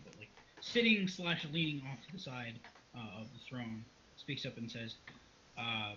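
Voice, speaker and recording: A man runs a tabletop role-play, narrating loosely with plenty of fillers. His voice is bright and forward. The recording is muffled and lo-fi. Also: mid-range voice, a little slow, slight background noise. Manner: casual, full of fillers. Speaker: game master. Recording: dull lo-fi recording.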